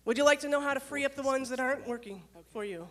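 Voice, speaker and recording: Lively woman speaker. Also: high-pitched, quick pace. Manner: lively storyteller, addresses audience with questions. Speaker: speaker, former dispatcher and leadership coach. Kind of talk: motivational talk with stories.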